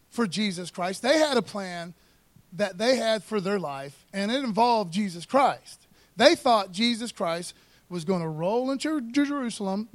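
A man preaching with fervor, his voice sitting noticeably high. He keeps the tone casual and punchy, tossing in "man" and calls for an amen between lines. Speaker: pastor. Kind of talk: sermon.

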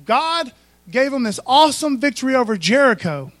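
A man's voice: extremely high pitch, very animated, moderate pace, a bit bright, dry recording. A man preaching a sermon in a folksy, conversational way, full of asides to the congregation. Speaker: pastor.

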